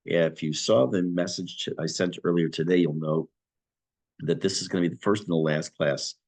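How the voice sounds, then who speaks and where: A man teaching an online class on prayer, reading Hebrew phrases and explaining them in English with a lively teacher's delivery. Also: deep voice, moderate pace. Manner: lively teacher's delivery, rising on key words.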